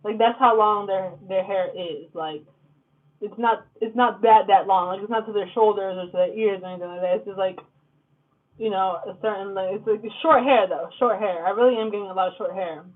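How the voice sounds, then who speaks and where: A woman's voice: mid-range voice, fairly quick. A woman giving a casual tarot reading, blunt and profane, full of "like" and "okay?". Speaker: tarot reader. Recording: lo-fi phone-like sound.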